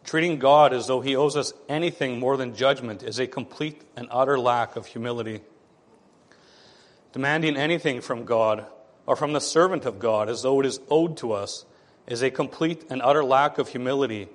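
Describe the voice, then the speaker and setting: A man preaching a sermon, animated, acting out the voices of the people he quotes. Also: mid-range voice, normal speed, big-room sound.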